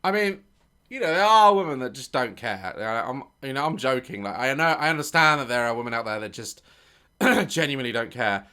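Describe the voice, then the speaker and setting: A man reacting to a video in loose, casual commentary, his pitch leaping around as he swears and plays up mock outrage. His tone is bright and sharp. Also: expressive, fairly quick, clean tone.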